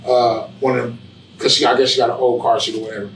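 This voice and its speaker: A man's voice: medium pitch, little pitch movement, fast, fairly bright tone, a little hiss or hum. A man as an interview guest in a barbershop, telling a casual story in a rambling, repetitive way with profanity and frequent "you know what I'm saying.". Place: barbershop, indoors. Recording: echoey room, mic at a distance.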